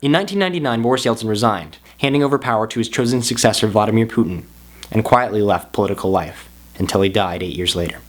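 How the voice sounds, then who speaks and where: A man explaining history to camera in a casual, jokey way, with big swings in pitch for emphasis. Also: fast. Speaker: history vlogger.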